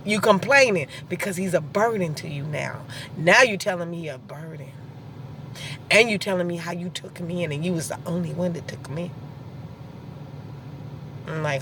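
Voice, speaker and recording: A woman's voice: lowish voice, normal speed, long pauses, fairly bright tone, slight background noise. A woman in her thirties telling a story in a blunt, sassy way, laughing as she vents, recorded in a car. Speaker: vlogger. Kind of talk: venting storytime monologue.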